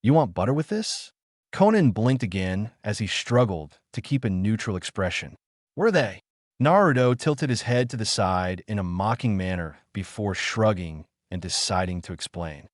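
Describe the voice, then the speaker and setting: Man narrating a fan audiobook, low and dry. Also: expressive, moderate pace, hardly any pauses, no room sound.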